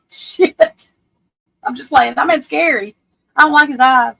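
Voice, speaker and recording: A woman's voice: high voice, slow, creaky, sharp tone, low-quality recording. A woman, hosting a casual livestream at home, chatty and self-deprecating, talking to viewers and her computer. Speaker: livestream host.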